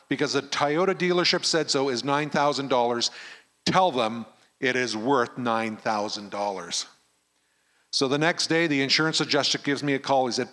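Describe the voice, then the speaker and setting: Middle-aged man, pastor, lively storyteller, fairly high voice. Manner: animated storyteller who acts out the dialogue. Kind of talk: storytelling sermon. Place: camp meeting hall.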